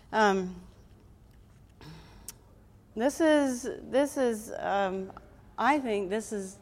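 A woman's voice: mid-range voice, slight background noise. A woman giving an earnest, heartfelt presentation to a live audience. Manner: reads scripture aloud with emphasis. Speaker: conference presenter.

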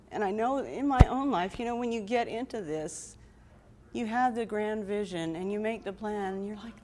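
A woman's voice: mid-range voice, moderate pace, darkish tone. A woman giving an earnest, heartfelt presentation to a live audience. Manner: reads scripture aloud with emphasis. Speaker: conference presenter.

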